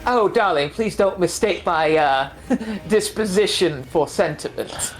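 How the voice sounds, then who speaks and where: A woman's voice: fairly low pitch, a little slow, faint music behind. A woman chatting on a gaming stream in a theatrical way, calling people darling. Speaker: stream guest. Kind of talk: casual chat.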